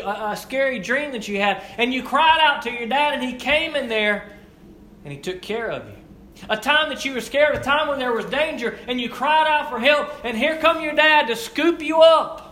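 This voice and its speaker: High, bright-voiced man preaching a sermon. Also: moderate pace. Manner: emphatic repetition, swings between hushed and raised delivery. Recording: echoey room with faint ambience.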